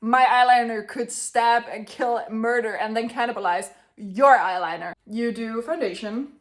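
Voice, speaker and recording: A woman's voice: a little high, normal speed. A woman in her twenties talking casually to the camera as a vlogger. She is chatty and blunt, swears freely, and speaks to her younger self. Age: 20s.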